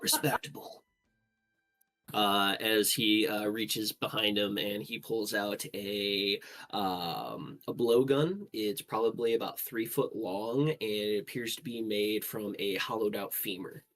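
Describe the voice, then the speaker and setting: Male game master, lowish voice, laid-back filler-heavy scene narration. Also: fairly even intonation, measured pace, few pauses, a bit bright, faint music behind. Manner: descriptive, loose narration with many fillers.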